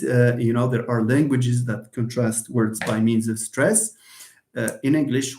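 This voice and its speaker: A man's voice: medium pitch, a little mellow. Hesitant male lecturer in an echoey room. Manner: hesitant, many fillers and repeated words; explains slowly, stretching example words. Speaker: linguistics lecturer. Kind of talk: live online lecture answering comments. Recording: roomy echo.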